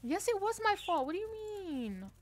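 A woman's voice: extremely high pitch, very animated, normal speed, faint music behind. A young woman streaming a game from her room, chatting casually with playful, self-mocking trash talk. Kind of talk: casual live-stream chat while gaming.

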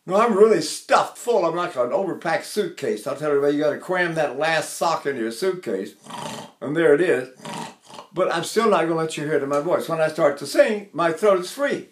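An eighty-three-year-old man teaches singing technique, talking casually and showing each breathing step as he goes. His speaking voice sits a little high for a man, and he keeps talking even while holding a full breath. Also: brisk. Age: 80s. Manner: chatty, demonstrative, holds breath while talking.

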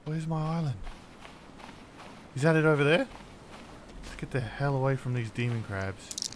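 A man giving casual let's-play commentary as host of his channel, jumpy and quick to exclaim at every scare. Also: mid-range voice.

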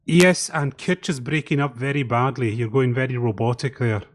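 A man hosting a loose, chatty commentary podcast over an online call. He keeps the talk moving and checks in with his co-hosts. His pitch sits in a middle range for a man. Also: moderate pace. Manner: chatty, organizes the talk and guides the others. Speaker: podcast host. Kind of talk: casual group commentary.

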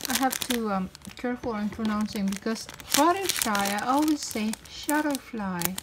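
Speaking at a measured pace in a voice on the high side, this young toy unboxing host chats casually, giggling and letting out cheerful exclamations. Crinkling packaging and clicks are heard the whole way through, along with background noise.

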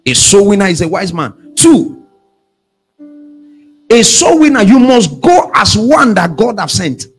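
A man preaches a sermon, his high voice leaping up and down as he calls out for responses. His tone is slightly husky. Faint music plays behind him. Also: sing-song, measured pace, long pauses. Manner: call-and-response preaching, shouting at peaks. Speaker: pastor.

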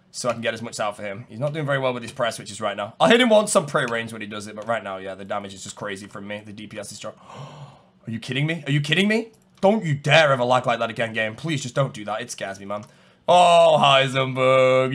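A young man giving live gameplay commentary, chatting to his viewers, calm and muttering one moment and shouting the next. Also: medium pitch. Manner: chatty, talks to viewers and opponents. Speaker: gaming streamer.

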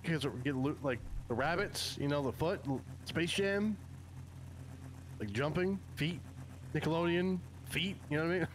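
A man's voice: fairly high pitch, normal speed, pauses often, noisy background. A man bantering casually in a role-play game, goofy and defensive, often laughing.

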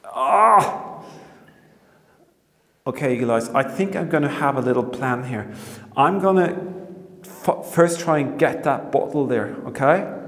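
A man exploring an underground bunker, talking to his camera in excited bursts and often repeating himself, recorded on a handheld camera. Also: mid-range voice, normal speed. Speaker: history explorer vlogger. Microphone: handheld camera mic. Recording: echoey bunker with long reverb, faint noise.

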